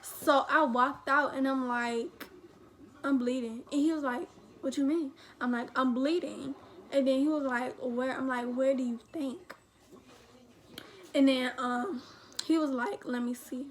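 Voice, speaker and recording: High-voiced young woman telling a rambling story. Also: steady tone, measured pace. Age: teens. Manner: rambling, slangy, frequent "like" and quoted dialogue. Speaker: vlogger. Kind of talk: storytime, casual retelling.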